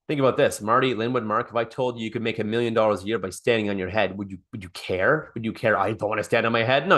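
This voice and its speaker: A man leads a live sales coaching call in an unscripted, off-the-cuff way. He often restarts and repeats his phrases, and he acts out lines of sample dialogue as he goes. His voice sits at an ordinary middle pitch. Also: a bit bright. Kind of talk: live online coaching session.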